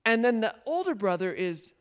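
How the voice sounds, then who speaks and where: A man's voice: high voice, very animated, normal speed, clear, resonant tone. A man leading a Bible study, retelling a story and questioning his listeners, laughing often. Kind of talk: interactive Bible teaching.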